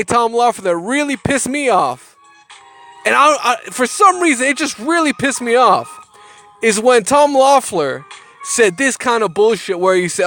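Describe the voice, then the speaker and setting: A man's voice: very high voice, fairly bright tone. A man giving heated, profane boxing commentary, often repeating words as he gets worked up. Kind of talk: casual ranting commentary.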